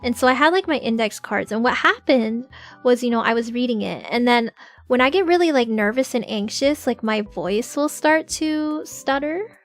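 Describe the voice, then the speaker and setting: A young adult woman chats casually with her live-stream audience, giggling often and peppering her talk with "like." Her voice is a little high and animated at a moderate pace, with faint music in the background.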